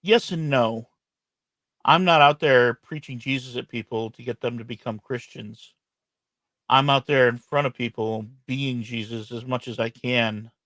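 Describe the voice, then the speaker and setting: A man speaks as a guest in a casual interview, earnest and reflective. His voice is mid-pitched. The sound is dry, with no room echo. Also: a little slow, fairly bright tone. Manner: earnest, reflective, speaks openly about faith. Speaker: podcast guest. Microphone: remote live-stream call.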